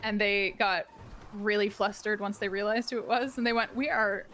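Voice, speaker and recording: A woman chatting in character during a role-play game, telling animated stories. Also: mid-range voice, moderate pace, slight background noise.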